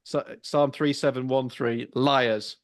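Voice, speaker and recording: A man's voice: medium pitch, steady tone, slow, no room sound, studio quality. A man co-hosting a car podcast, chatting casually in a wry, self-mocking way with frequent restarts.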